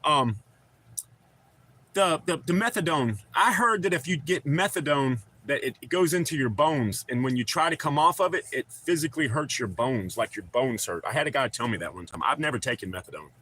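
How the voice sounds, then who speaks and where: A man's voice: medium pitch, animated, normal speed, sharp tone, a little hiss or hum. A man hosting a casual livestream, telling long rambling stories, swearing freely and chatting with viewers he calls brother. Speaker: livestream host. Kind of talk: casual livestream chat, reading chat aloud.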